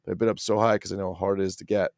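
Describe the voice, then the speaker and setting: A middle-aged man with a New Jersey accent hosts a casual livestream, excitable and profane, rambling as he reads out chat comments. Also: sits low, very fast, vocal fry, no echo, clean studio sound. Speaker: toy collector livestream host.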